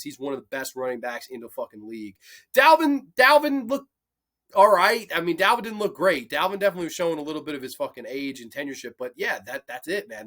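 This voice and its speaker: A young man with a slightly high voice hosts a football betting picks show. He talks in a loose, casual way, swearing constantly and working himself up into heated rants. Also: sharp tone. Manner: profane, passionate ranting. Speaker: sports picks host. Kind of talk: casual sports betting commentary.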